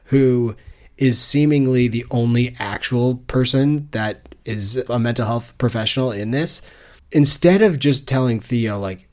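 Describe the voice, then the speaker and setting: A man's voice: mid-range voice, measured pace, darkish tone. A man co-hosting a casual book-club podcast, talking in a wry, easygoing way. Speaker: podcast co-host.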